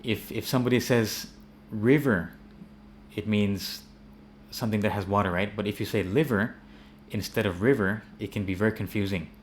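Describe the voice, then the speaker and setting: An American English teacher with a fairly low voice gives a casual spoken lesson on pronunciation, relaxed and unscripted, often circling back on his words with many fillers and repeats. He talks a little fast, with faint ambience and slight background noise in the room.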